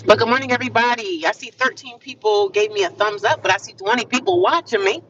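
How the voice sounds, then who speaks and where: A woman's voice: mid-range voice, quick pace, a bit bright, slight background noise. A woman chatting casually on a livestream, upbeat and talkative, often repeating affirmations. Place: inside a car. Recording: distant, muffled phone audio.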